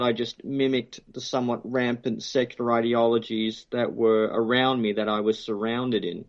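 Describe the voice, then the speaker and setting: A man's voice: mid-range voice, lo-fi sound. A man with an Australian accent, a guest theologian speaking casually in an interview, joking and full of fillers and restarts. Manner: relaxed, jokey, many fillers and restarts. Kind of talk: phone interview, casual conversation.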